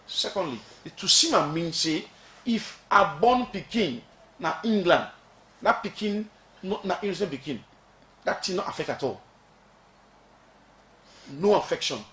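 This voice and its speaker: Sierra Leonean male lawmaker, slightly high voice, emphatic, rhetorical, echoey room. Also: expressive, measured pace, long pauses, pushed and bright. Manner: emphatic, rhetorical questions, mixes Krio phrases. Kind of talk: radio talk.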